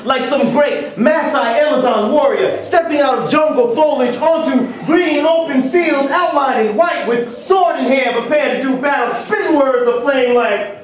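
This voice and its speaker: A man performing spoken-word poetry and stories live on stage, with animated, rhythmic delivery and jokey asides. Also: very high voice, normal speed. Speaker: storyteller and spoken-word poet. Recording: echoey hall, distant mic.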